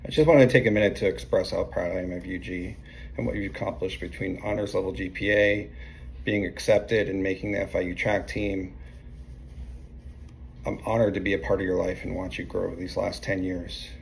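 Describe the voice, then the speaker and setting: A man giving a steady, sincere recorded message of congratulations. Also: low voice, fairly quick, gravelly, slight background noise, poor audio.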